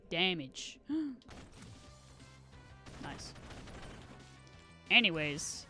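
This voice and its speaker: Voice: mid-range voice, animated, moderate pace, a bit bright, soft background music. A live streamer in casual gaming stream chat, rambling and self-deprecating with giggly asides.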